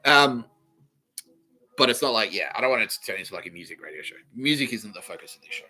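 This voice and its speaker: An Australian man hosts a comedy podcast alone, rambling loosely, laughing and swearing as he riffs. His voice is fairly low, bright and forceful, with lively intonation and a quick pace. He's loose and giggly, cursing freely and slipping into quoted voices.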